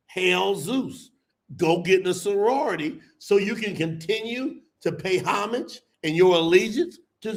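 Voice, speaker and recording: A man preaching with fire to a live audience, emphatic and colloquial, calling out to the crowd as y'all and bursting into shouts. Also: sits high. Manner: colloquial, addresses listeners as y'all. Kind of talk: fiery sermon to a live audience.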